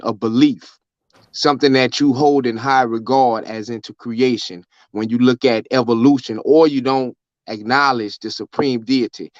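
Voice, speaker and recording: A man's voice: mid-range voice, no room sound. A man on a live online panel, arguing for his faith in a preachy way and restarting his sentences often. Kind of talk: religious debate on a live panel. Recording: dull lo-fi call audio.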